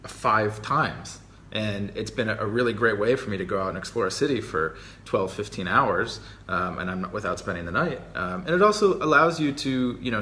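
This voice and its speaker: A man co-hosting a casual travel Q&A, relaxed and explanatory, with lots of fillers. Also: fairly low pitch. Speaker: travel vlogger co-host. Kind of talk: casual live Q&A chat. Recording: faint background noise.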